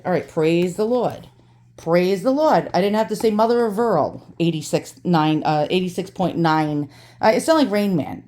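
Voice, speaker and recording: A woman with a New York accent and a lowish, slightly mellow voice hosts an antique channel, chatting casually as she unboxes antiques at home with her dogs around. Her intonation is lively at a normal pace. She rants and curses angrily, then turns cheerful and chatty within seconds.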